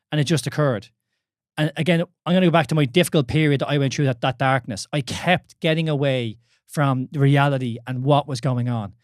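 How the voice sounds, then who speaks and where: A man's voice: fairly high pitch, fast, dry recording, studio quality. A man in his thirties with an Irish accent, co-hosting a casual podcast, candid and swearing often with many restarts. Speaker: podcast co-host.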